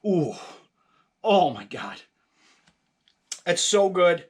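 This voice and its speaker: A man's voice: high-pitched, sing-song, very slow. A man hosting a casual home cocktail vlog, chatty and jokey, with lots of fillers and a slightly out-of-breath delivery. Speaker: home cocktail video host.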